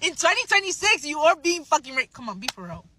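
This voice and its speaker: Bright, animated young woman telling a story. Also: high voice, fast. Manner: animated, expressive, swearing. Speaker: salesperson. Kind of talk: casual storytime to camera.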